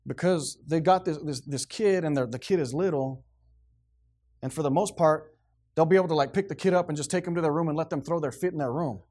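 A man's voice: a little high, fairly quick, darkish tone. A man preaching a sermon in a stern, emphatic, plainspoken way, repeating phrases to drive his points home.

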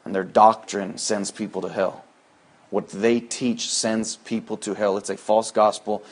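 A man preaching a sermon, moving between loud, high-pitched emphatic lines and low, quiet asides. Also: flat delivery, measured pace. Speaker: pastor.

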